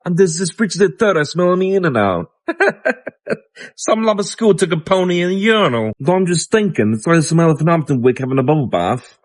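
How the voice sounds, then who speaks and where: A man's voice: on the high side, expressive, fast, hardly any pauses, voice pushed up, natural voice. A man playing Alfred, a swaggering Cockney petty crook, rambling crudely in rhyming slang in a comedic monologue.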